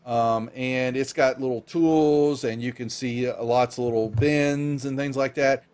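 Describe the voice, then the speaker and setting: A man's voice: medium pitch, fairly even intonation, a little mellow, clean tone. Man, dungeon master, tabletop game narration, lots of fillers, mid voice. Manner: halting, filler-heavy narration.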